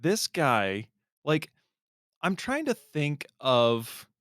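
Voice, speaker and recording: Male co-host, slow drawl, hesitant, dry mic. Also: a little high, huge pitch swings, a bit bright, no echo. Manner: slow, hesitant, searching for words. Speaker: podcast co-host. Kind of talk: casual chat.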